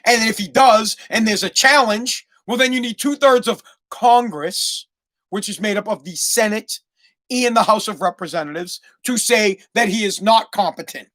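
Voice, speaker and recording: A man's voice: high-pitched, bright, forceful tone. Angry swearing American man ranting. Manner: angry, swearing, repeats himself. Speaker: podcast host. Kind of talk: profane political rant.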